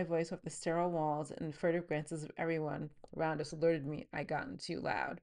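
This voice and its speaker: Low-voiced woman reading her own novel. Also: level tone, fairly quick, few pauses, a little mellow. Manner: reads the scene plainly, then breaks into chatty asides. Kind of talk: book reading with commentary.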